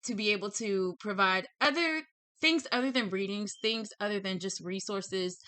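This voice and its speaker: A woman's voice: medium pitch, moderate pace, bright, forceful tone, clear, resonant tone, no echo. A woman with a lisp hosting a spiritual reading channel, bubbly and effusive, a bit tongue-tied as she chats through announcements. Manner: bubbly, effusive, repeats herself. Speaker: tarot reader and channel host. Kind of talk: chatty intro to a reading video.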